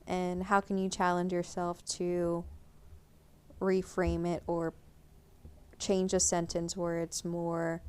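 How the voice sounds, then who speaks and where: A woman's voice: fairly low pitch, completely flat delivery, slow, pauses often, a little mellow, clear, resonant tone. A woman co-hosting a podcast, chatting casually and giving encouraging, practical tips. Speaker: podcast co-host. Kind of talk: casual chat.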